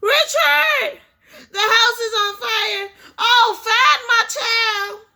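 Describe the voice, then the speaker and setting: A woman reading aloud voices a frantic mother shouting for her missing son during a house fire. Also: a little high, fairly quick, natural voice.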